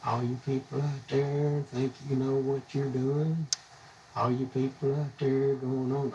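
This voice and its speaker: A gravelly-voiced American man with a drawl rants into his live stream, blunt and indignant, wandering from point to point. He sits a little back from the microphone, with a faint hum of background behind him. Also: mid-range voice, level tone, a little slow, far from the mic, highs cut off. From United States. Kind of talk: angry live-stream rant.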